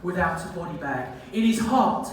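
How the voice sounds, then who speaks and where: Playful male storyteller, lively pitch, recorded far off in a very echoey, noisy room. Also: normal speed. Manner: playful, laughs at own jokes. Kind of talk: comic storytelling.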